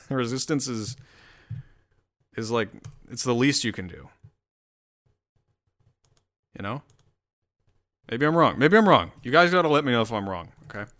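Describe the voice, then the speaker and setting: On his solo show, a man with a medium-pitched, sharp voice rants casually, swearing and wandering off topic. He cuts himself off and starts over again and again.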